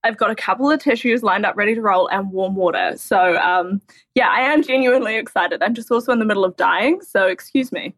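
A woman guest on a casual podcast, her voice a little hoarse from a sore throat, wry and joking. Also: mid-range voice, fairly quick, fairly bright tone, no echo.

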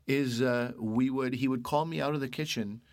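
A Canadian man telling lively stories in a casual chat, acting out other people's lines. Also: medium pitch, normal speed, no echo, studio quality. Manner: animated storyteller, acts out quoted voices.

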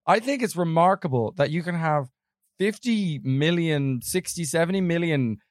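A man's voice: on the high side, lively intonation, normal speed, no room sound, studio quality. A man co-hosting a film podcast, rambling in casual chat and laughing often. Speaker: podcast co-host.

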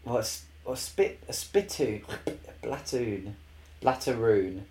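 A man's voice: medium pitch, slow pace, a little mellow. A man co-hosting a podcast, rambling through playful guesses in casual chat. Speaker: podcast producer and co-host.

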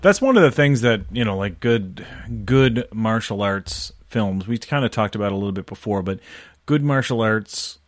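A man casually chatting through a film commentary, relaxed and swearing, now and then joking in characters' voices. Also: fairly low pitch, moderate pace, no room sound, clean studio sound. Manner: laid-back, swearing, does jokey voices of characters. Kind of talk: casual movie commentary chat.

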